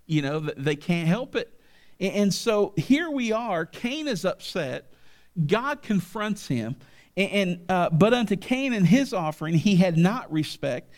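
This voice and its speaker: A man preaching a sermon in a high, bright-edged voice. He talks in a repetitive, restarting way, circling a point before pushing it up to an emphatic peak. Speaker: pastor.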